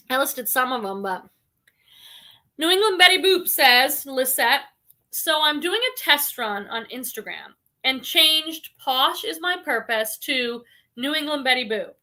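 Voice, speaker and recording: A woman hosts a relaxed livestream and talks freely with her viewers. Her voice is high and sharply bright. She reads their comments aloud and fills her talk with "like" and "um". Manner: frequent "like" and "um" fillers. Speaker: reseller livestream host. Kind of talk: casual livestream chat.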